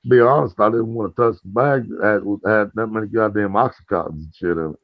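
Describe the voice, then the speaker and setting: A man with a gravelly, creaky voice tells rambling, profane stories in casual chat and jumps his pitch up whenever he acts out what someone else said. The sound is close and dry, with no room around it. The recording itself is dull and lo-fi. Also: fast, no echo. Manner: profane, acts out quoted dialogue in a higher voice. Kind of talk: casual storytelling.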